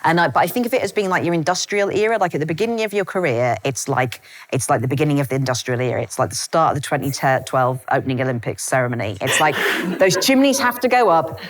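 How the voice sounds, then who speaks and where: A woman in her fifties, a guest author in a live podcast conversation, telling stories quickly and comically, with frequent laughs and self-deprecating asides. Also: deep voice. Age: 50s. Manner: rapid, animated storytelling with frequent laughs.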